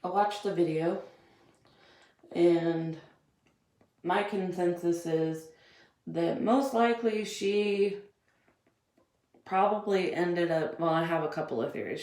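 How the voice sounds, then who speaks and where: A fired-up woman with a drawl vents in a blunt, profane rant. Her voice sits low with a rough, gravelly fry. The sound bounces around an echoey room. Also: darkish tone. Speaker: vlogger. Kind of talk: ranting commentary.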